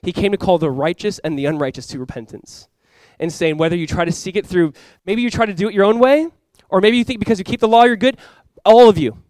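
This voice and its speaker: A young man preaching a sermon to his church in a casual, conversational way, with sudden loud bursts and quiet asides. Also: on the high side, dry recording. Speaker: pastor.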